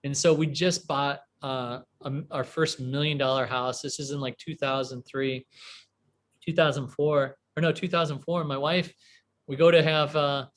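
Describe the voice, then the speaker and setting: A man in his forties from a small Midwestern town, telling a rambling, animated story as an interview guest, full of fillers and restarts. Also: mid-range voice, normal speed. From US Midwest, small town near Chicago. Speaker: guest entrepreneur.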